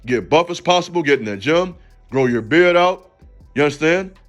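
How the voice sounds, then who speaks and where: Male host, higher-pitched voice, preachy and emphatic, addressing the listener directly over faint background music. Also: expressive, moderate pace. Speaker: channel host. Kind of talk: motivational faith talk.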